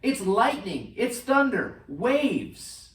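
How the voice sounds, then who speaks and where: A man preaching a sermon as pastor, animated, swinging between loud bursts and hushed lines. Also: fairly high pitch, measured pace, echoey room, distant mic, faint music behind, rough recording. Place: church sanctuary.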